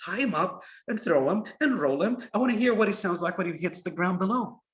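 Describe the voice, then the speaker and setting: A man's voice: high voice, lively intonation, brisk, reverberant, voice pushed up. A man voicing a drunk, careless king in a story, giddy and reckless. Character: drunk careless old-time male king.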